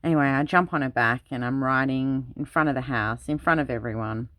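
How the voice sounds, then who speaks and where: A woman's voice: extremely low pitch, brisk, fairly bright tone, no room sound. Chatty woman telling stories, dry sound. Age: adult parent. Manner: rambling anecdotal storytelling. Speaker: craft channel host. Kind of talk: casual chat while crafting.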